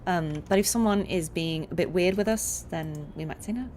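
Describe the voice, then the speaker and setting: A woman's voice: fairly low pitch, moderate pace, darkish tone, a little hiss or hum. A woman voice actor chatting through a game with lots of fillers and rambling asides. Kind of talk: casual let's-play commentary. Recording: game sounds under the voice.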